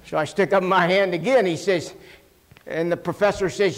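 A man preaching a sermon and telling animated, self-mocking personal stories. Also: high voice, fairly quick. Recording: long hall reverb.

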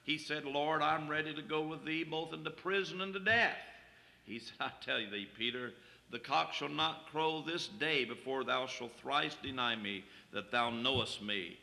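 Man preacher, very bright tone, reading old scripture then explaining, echoing hall. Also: on the high side, moderate pace, vocal fry. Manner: reads King James scripture aloud, then explains it plainly.

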